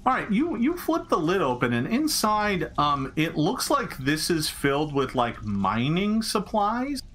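A man's voice: a little high, huge pitch swings, unhurried, a bit bright. A man narrating as game master of a tabletop game, rambling with many fillers and restarts.

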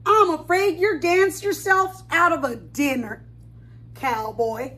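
A woman's voice: high-pitched, slow, bright, forceful tone, full character voice. Miss Billy, a stern armadillo cook, read by a woman. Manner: firm, clipped refusals. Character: stern female armadillo cook, firm and unbending.

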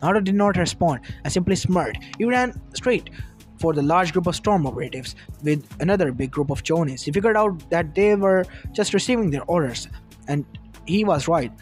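A man's voice: a little high, animated, moderate pace. A man reading a fan fiction story aloud, with small stumbles and restarts. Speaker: narrator. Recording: music under the voice. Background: lofi background music.

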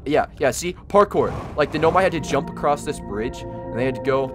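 A young man giving casual let's-play commentary, excitable and stammering over restarts, yelping when startled. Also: a little high, fairly quick, music in the background. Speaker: gaming YouTuber.

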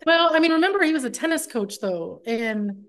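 A woman co-hosting a casual reality TV chat, agreeable and quick to chime in, giving measured opinions. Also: high-pitched, lively intonation, fairly bright tone.

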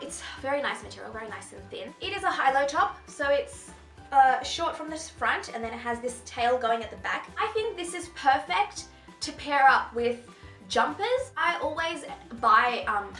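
A woman's voice: sits high, sharp tone. A young woman chatting casually through a fashion haul, bubbly and gushing as she talks to camera. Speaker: fashion vlogger. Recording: echoey room with faint music.

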